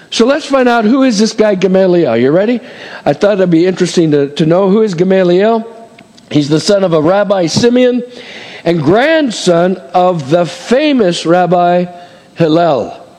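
A man's voice: sits high, a little mellow. A middle-aged male pastor preaching a conversational sermon, full of asides and rhetorical "amen?" and "right?" checks. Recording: long hall reverb.

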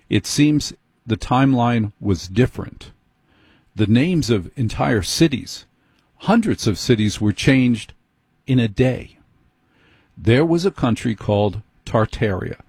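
A man hosting a show, speaking in a measured, emphatic monologue and listing things one by one. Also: medium pitch, darkish tone, slightly rough, no room sound. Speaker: host. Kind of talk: slow deliberate monologue.

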